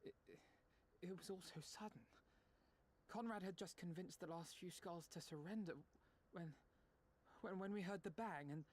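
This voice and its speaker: A woman's voice: on the low side, moderate pace, a little mellow, lightly acted. An actress playing a determined young female resistance fighter in a video game, earnest and pleading. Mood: shaken. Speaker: game character.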